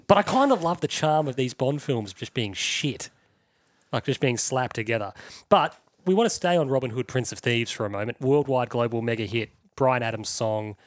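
A man's voice: medium pitch, animated, moderate pace, no echo. A man hosting a podcast, chatting casually and enthusiastically about old films, swearing freely. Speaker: podcast host. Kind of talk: casual chat.

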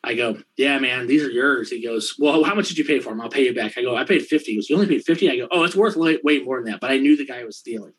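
A man telling a profane anecdote in casual chat, laughing often and acting out the other people's lines in quick, rambling bursts. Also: medium pitch, a bit bright, breathy edge, poor audio. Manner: quick, rambling delivery with fillers. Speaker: storyteller in a conversation.

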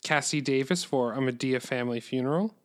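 A man in casual chat, reading out a nominee list in a steady way with brief replies. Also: medium pitch, brisk.

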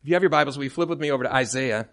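A middle-aged man from Michigan with an American accent, preaching a sermon in an animated, jokey way that swings from soft asides to loud outbursts. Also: mid-range voice, very fast. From Michigan, United States. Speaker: guest preacher.

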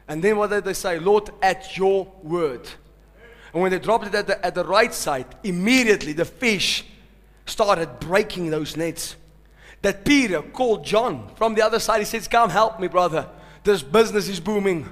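A man preaching a sermon in a high, bright, forceful voice. He drops to hushed, slow lines, then climbs to loud shouted peaks, calling out to the people in front of him. A long reverb trails each phrase through a large hall. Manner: swings from hushed to shouting, with call-outs. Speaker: pastor.

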